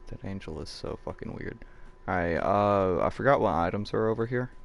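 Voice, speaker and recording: A man's voice: low voice, animated, normal speed, vocal fry, slight background noise. A man hosting a live gameplay stream, chatting, joking and swearing as he plays and reads out messages. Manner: profane, joking banter.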